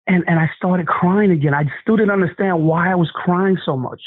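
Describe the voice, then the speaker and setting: A man telling an emotional personal testimony in an earnest, halting way, often restarting his sentences. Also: high-pitched, no room sound. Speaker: guest sharing a testimony. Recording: tinny phone-line sound, dry.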